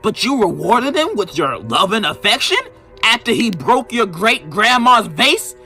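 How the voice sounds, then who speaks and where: A man's voice: high-pitched, very animated, measured pace, pushed and bright, soft background music. A man, giving comedic scripted commentary in a sarcastic, mock-outraged, exaggerated way. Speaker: video narrator reviewing a book.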